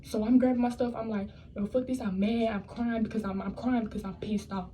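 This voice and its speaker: A woman's voice: a little high, steady tone, a little fast, warm tone, a little hiss or hum, poor audio. A young woman telling a personal story in a casual storytime vlog, blunt and profane, rambling and restarting her sentences. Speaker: vlogger.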